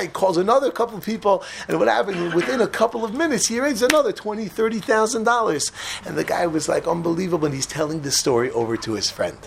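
A man teaching a class to a room of listeners, telling a lively story, acting out voices and joking with the audience. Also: sits high, fast talker, gravelly. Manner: animated, acts out voices, jokes with the room.

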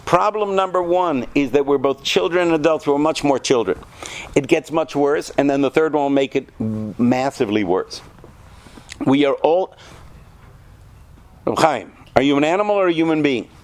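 Animated man lecturing a class. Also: a little high, normal speed. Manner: animated, asks the class questions. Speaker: yeshiva teacher. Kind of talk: lecture to students.

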